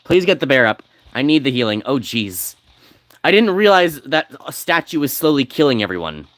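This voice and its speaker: A man giving casual, rambling commentary as he plays a game, now and then reading game text aloud quickly. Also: medium pitch, sing-song, fairly bright tone, no room sound. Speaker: game streamer.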